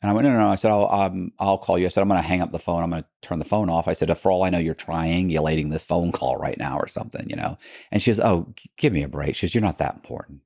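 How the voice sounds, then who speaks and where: Interview guest, male, low gravelly voice, rambling storyteller who keeps restarting sentences. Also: quick pace, a little mellow, dry recording, studio quality. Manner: rambling, many restarts and asides, acts out quoted people. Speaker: podcast guest. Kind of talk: casual storytelling in a long-form interview.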